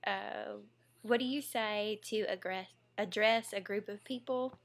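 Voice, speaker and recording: Chatty Southern young mom. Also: female voice, mid-range voice, fairly even intonation, measured pace, vocal fry. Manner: chatty and giggly, drawling asides. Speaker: mom vlogger, former teacher. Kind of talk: casual home vlog, reading a word list.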